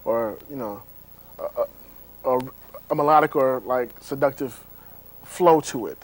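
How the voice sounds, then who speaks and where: A man's voice: mid-range voice, a little slow, low-quality recording. A man interviewing a musician, speaking casually with enthusiastic, effusive praise.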